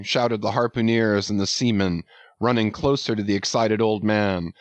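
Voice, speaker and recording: A man reading a classic novel as steady, scripted audiobook narration. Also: on the low side, moderate pace, no room sound.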